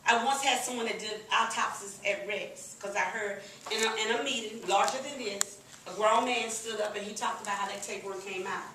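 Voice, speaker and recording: A middle-aged woman giving a lively, laughing, folksy testimonial to a live audience at a business meeting. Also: mid-range voice, brisk, few pauses, slight background noise. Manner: lively, laughing, folksy, addresses crowd as "y'all". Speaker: sales presenter at a business meeting. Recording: echoey room, recorded from a distance.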